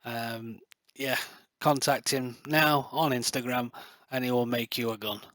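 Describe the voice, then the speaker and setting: A man's voice: medium pitch, steady tone, a little slow, fairly bright tone, no room sound. A middle-aged man, a light gun builder talking to camera in a passionate, boastful, rambling way full of fillers. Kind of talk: casual rambling talk to camera.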